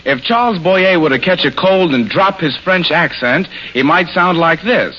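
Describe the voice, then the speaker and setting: A man's voice: a little high, expressive, normal speed. A man appearing as a guest impersonator on a scripted radio comedy show, explaining his craft in an easygoing, matter-of-fact way. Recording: dull lo-fi old radio broadcast.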